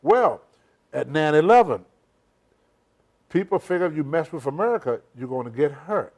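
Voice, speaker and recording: A man's voice: on the high side, animated, moderate pace. An older man, a senior citizen, telling emphatic, rambling stories with loose grammar as an interview guest. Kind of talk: shoot interview storytelling.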